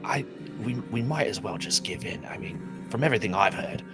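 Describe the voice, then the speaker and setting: A man voicing a frightened, defeated villager who stammers and trails off quietly. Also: medium pitch, animated, fairly quick, music in the background, lightly acted. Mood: fearful.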